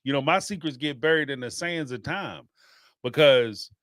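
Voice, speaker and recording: A middle-aged male podcast host with a mid-range voice talks at normal speed, recorded cleanly in a studio with no room sound. He rambles through stories in a casual chat, laughing and animated.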